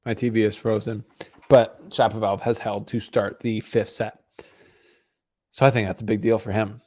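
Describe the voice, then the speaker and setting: His voice is fairly low and a little mellow, with little pitch movement and a normal speed. Hosting a tennis watch-along stream, he gives loose, wandering commentary on the live match and chats with the audience.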